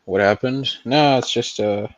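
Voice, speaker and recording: A man's voice: medium pitch, measured pace, no echo, dull audio. A man hosting a casual livestream, laughing in disbelief, swearing and greeting his chat by name. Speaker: livestream host.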